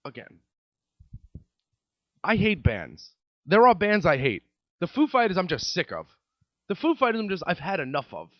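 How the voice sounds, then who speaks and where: A comedy podcast host with a high voice rants sarcastically at normal speed, with huge pitch swings and long pauses. He keeps repeating his points, and the audio is dry, dull and lo-fi with no echo.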